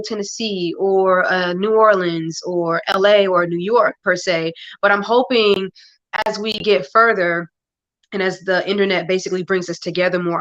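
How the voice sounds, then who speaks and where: A woman from North Carolina, a musician, chatting as a guest in a casual interview. She is easygoing and supportive, a bit reserved, and chuckles softly. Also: lowish voice, lo-fi sound. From Charlotte, North Carolina.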